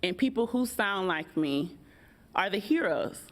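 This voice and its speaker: A woman's voice: mid-range voice, expressive, measured pace. American woman speaking on a panel. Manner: engaging, asks the audience questions. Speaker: panel speaker, workshop facilitator. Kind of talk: conversational panel talk. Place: event hall.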